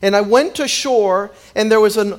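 A man preaching a sermon and telling his own story, often repeating words at the start of his phrases and dropping low and quiet when he acts out his younger self. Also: normal speed. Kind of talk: sermon with personal testimony.

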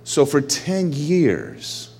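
Middle-aged man, testimony storyteller, lively pitch, rises when excited, hushes when solemn. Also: extremely slow, creaky, slightly rough. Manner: animated storyteller, voice rises high when excited, drops low and quiet when solemn. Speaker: speaker sharing a personal testimony.

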